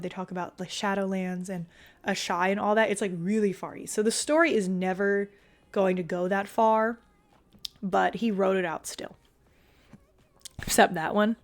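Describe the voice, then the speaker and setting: Young female streamer, casual and talkative, filler-heavy, salty mouth, mid-range voice. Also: mid-range voice. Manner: chatty and loose, full of "like", swears freely. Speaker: streamer reading chat. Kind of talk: casual chat with viewers.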